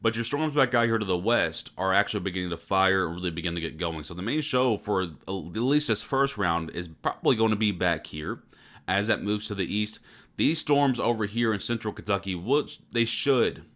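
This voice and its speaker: A man forecasting the weather in live storm coverage, tired from very little sleep and talking in a fairly monotone way. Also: on the low side, normal speed. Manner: self-described monotone delivery.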